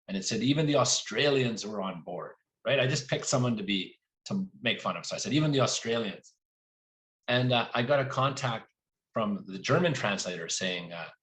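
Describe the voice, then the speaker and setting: A man speaking as an author guest at a live library event, telling lively anecdotes and voicing quoted lines along the way. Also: lowish voice.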